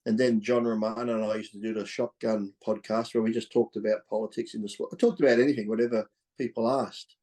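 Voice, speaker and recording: A man's voice: lowish voice, little pitch movement, fast talker, warm tone. A middle-aged Australian man telling stories as a podcast guest, in a blunt, fired-up way with swearing and laughs between points. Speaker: podcast guest, former pro bodybuilder. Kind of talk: candid storytelling in conversation.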